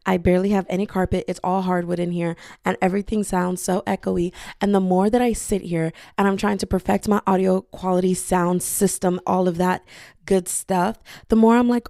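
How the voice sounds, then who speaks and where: A woman's voice: fairly low pitch, steady tone, normal speed, gravelly, warm tone, no room sound, studio quality. A young woman hosting a casual solo podcast from her bedroom, rambling playfully and slipping into bits of singing. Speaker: podcast host. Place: bedroom with hardwood floor. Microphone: podcasting mic.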